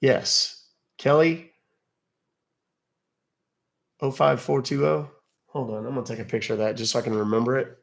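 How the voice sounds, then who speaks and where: A gravelly, medium-pitched man from Texas talks fairly quickly in a steady tone while hosting a casual livestream. He chats loosely, cracks jokes and reads viewer comments aloud.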